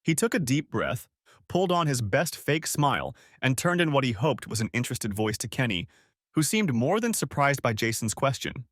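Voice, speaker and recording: A man narrating a scripted audiobook story with expressive storytelling. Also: medium pitch, moderate pace, no echo, studio quality.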